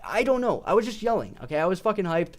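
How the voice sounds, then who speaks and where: A young man rambles through his opinions in a loose, unscripted way, his voice sitting a little high for a man. He swears constantly, trips over his own sentences and keeps circling back with "but listen", close on a desk mic. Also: very animated, quick pace. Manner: profane, restarts often, repeats "but listen". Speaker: MMA YouTuber. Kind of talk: casual rambling commentary. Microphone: desk microphone.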